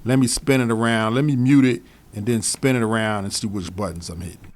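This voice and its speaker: Relaxed man reviewing studio mics. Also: on the low side, a little fast. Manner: relaxed, repeats phrases, talks straight to viewers. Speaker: DJ reviewing microphones. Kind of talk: casual product review. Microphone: studio microphones he switches between.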